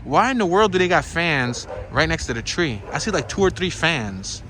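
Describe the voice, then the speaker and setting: A man narrates a casual walking tour straight to his viewers, chatty and excitable, with slangy asides. His voice sits a bit high for a man. He records on a handheld gimbal camera outdoors, with clear street noise behind him. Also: moderate pace.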